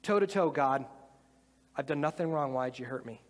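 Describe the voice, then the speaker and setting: A man's voice: mid-range voice, a little fast, big-room sound, lightly acted. A man voicing the biblical Job, an innocent man protesting his suffering, with an indignant, pleading manner, in a live sermon.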